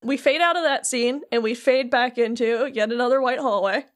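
A woman's voice: fairly high pitch, normal speed. A woman co-hosting a podcast in casual chat, retelling a game's story and acting out the characters as she goes. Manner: animated storyteller who acts out scenes. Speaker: podcast co-host.

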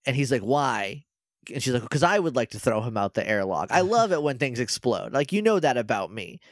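A man's voice: medium pitch, very animated, dry recording. Dry, rambling podcast man. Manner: rambling, quoting characters in quick put-on lines. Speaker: podcast co-host. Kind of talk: casual chat recapping a TV episode.

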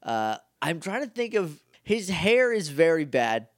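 A man co-hosts a casual podcast, recapping an episode with a joking manner. He slips into quick impressions of the characters. His voice sits a bit high and sounds close and dry. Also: very animated, dry recording. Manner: jokey, acts out characters' lines. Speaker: podcast co-host.

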